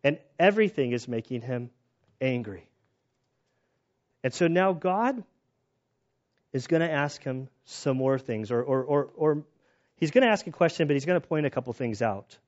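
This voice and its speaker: A man preaching a sermon, telling stories with animated retellings and laughter. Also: mid-range voice, moderate pace, long pauses, muffled recording. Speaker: pastor.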